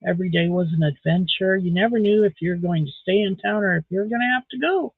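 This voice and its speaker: A woman's voice: lowish voice, quick pace, husky, dry recording. A middle-aged woman, chatting casually on a live stream while crocheting, rambling along with dry sarcastic asides. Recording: dry, tinny phone-like sound.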